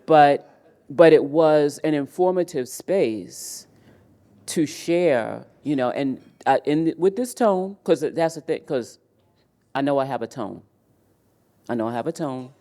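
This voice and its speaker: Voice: medium pitch, takes it slowly, pauses often, dark tone. A man moderating a live leadership summit, speaking emphatically and often repeating words as he restarts. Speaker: panel moderator and emcee. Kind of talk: live event speech. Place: event hall.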